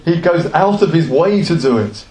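A man's voice: a little high, animated, moderate pace, a little mellow. A male preacher giving an earnest sermon, asking the congregation rhetorical questions. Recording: echoey room.

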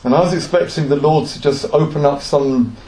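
Earnest male preacher, sermon delivery, slightly high pitch, echoey room. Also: a little fast, a little mellow. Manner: earnest, with rhetorical questions.

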